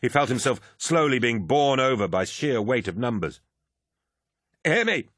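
A man's voice: mid-range voice, animated, moderate pace, fairly bright tone, no room sound, studio quality. A man narrating a military science fiction audiobook, reading battle scenes dramatically. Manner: dramatic, vivid action reading.

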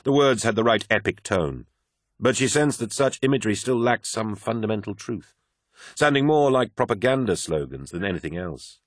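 Deep-voiced male audiobook narrator. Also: lively intonation, moderate pace, dry recording, clean studio sound. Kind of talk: scripted narration.

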